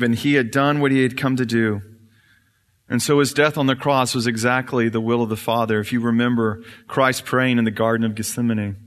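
A man's voice: medium pitch, a bit bright. A male pastor preaching an earnest, explanatory sermon in a church. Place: church sanctuary. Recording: reverberant church hall.

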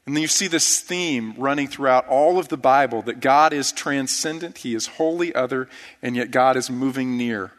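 A man's voice: mid-range voice, moderate pace. A man preaching an earnest, reverent sermon as pastor. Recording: church sanctuary with long reverb.

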